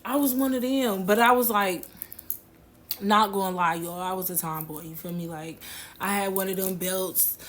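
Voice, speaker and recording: A woman's voice: mid-range voice, moderate pace, fairly bright tone, a little hiss or hum. A woman casually telling a personal story to her viewers, slangy and laughing as she goes.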